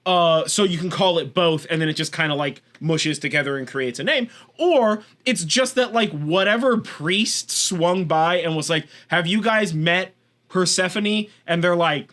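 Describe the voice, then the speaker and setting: A man with a Californian accent co-hosting a casual podcast chat, his voice sitting a little higher than most men's. He rambles through his points, swears easily and laughs along the way. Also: lively intonation, normal speed, hardly any pauses, fairly bright tone. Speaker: podcast co-host.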